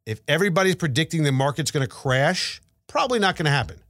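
This animated podcast co-host, his voice a little high and fast, rambles casually about markets, stammering through restarts and repeating words. The recording is dry, with clean studio sound.

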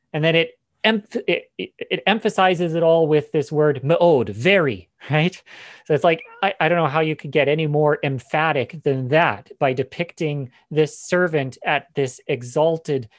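A man's voice: fairly high pitch, measured pace, no echo, studio quality. A man giving a Bible lesson, explaining passages with frequent fillers and restarts. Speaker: Bible teacher. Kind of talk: teaching session on scripture.

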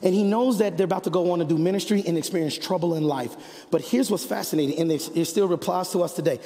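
A man preaching a sermon as pastor, swinging from loud, rising passages to hushed, quiet stretches. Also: sits high, fast, big-room sound.

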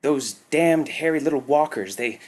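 Cowering alien worker, audiobook, stammering and raised in pitch, performed by a man. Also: moderate pace, natural voice. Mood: nervous. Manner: stammering, sobbing report.

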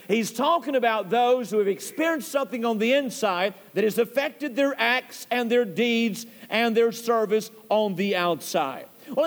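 A man preaching a sermon as pastor, speaking deliberately and stressing key words. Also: high-pitched. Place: church sanctuary. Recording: long church hall reverb.

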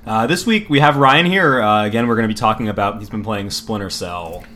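Man, podcast host, casual chat, bright tone, loose delivery. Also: fairly low pitch, brisk. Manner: loose, laughing, restarts sentences.

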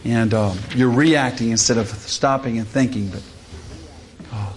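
A man's voice: mid-range voice, a little slow, a little hiss or hum. Folksy preacher man. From Louisiana, US. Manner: folksy storytelling with fillers. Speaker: conference speaker. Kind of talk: humorous sermon talk.

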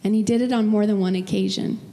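A woman's voice: medium pitch, steady tone, fast talker, creaky, warm tone. A middle-aged woman pastor giving an emotional, personal sermon in a church. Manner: emotional, tearful at times, personal storytelling. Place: church sanctuary. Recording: long hall reverb.

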